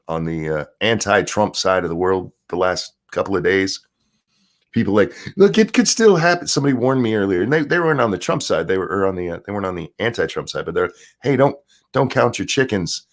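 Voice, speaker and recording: A man ranting casually on a livestream about politics, sarcastic and profane, often restarting his sentences. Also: lowish voice. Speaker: political commentary streamer.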